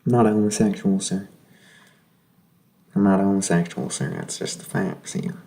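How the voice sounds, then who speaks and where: A man voicing a nervous young army recruit in a comic skit, barking short, loud answers that end in sir. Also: low-pitched, steady tone, moderate pace, gravelly, voice pushed down.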